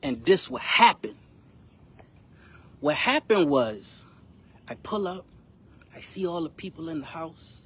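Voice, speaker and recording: A man's voice: on the high side, big pitch swings, slow, long pauses, fairly bright tone, husky. A young man, a rapper telling his son a frustrating personal story in a casual, emphatic vlog full of slang. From South Carolina, US.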